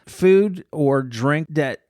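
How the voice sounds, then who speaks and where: A man co-hosting a podcast, telling jokey, animated stories in a casual chat. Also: fairly high pitch, extremely slow, dry recording, clean studio sound. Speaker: podcast co-host.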